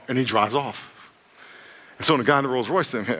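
Male pastor, sermon with comic storytelling, bright forceful tone, long church-hall reverb. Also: mid-range voice, a little fast. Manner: jokey, animated storytelling, acts out characters.

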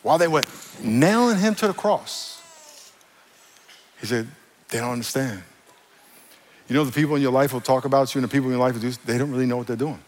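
Speaking fast in a mid-range voice, a pastor jokes playfully with his congregation, addresses them directly, and acts out quoted voices during his sermon. He's in a large hall with slight background noise.

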